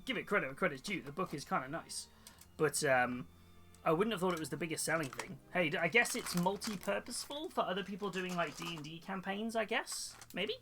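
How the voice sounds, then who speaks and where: With a high-pitched, sharp-toned voice, a model kit seller and hobby streamer chats casually on a live stream as he builds models. He rambles, using many fillers and starting over often.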